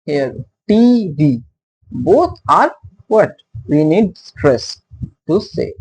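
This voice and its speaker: Slow, lively, gravelly-voiced male teacher. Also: fairly high pitch, low-quality recording. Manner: halting, many fillers and rhetorical questions. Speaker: literature teacher. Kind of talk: casual classroom-style explanation.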